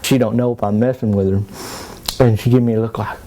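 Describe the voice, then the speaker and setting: Brief: man, lowish voice, drawling folksy storyteller, rambling and plainspoken. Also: steady tone, brisk, dark tone, a little hiss or hum. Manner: folksy drawling Southern country talk. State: soaked and cold. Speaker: comedic character monologue. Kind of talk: rambling small-town storytelling.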